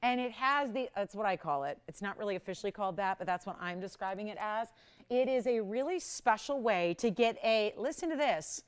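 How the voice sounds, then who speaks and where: A woman hosting a live jewelry shopping show, giving a chatty, enthusiastic sales pitch and greeting callers by name. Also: animated, fairly quick, clear, resonant tone. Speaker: shopping channel host.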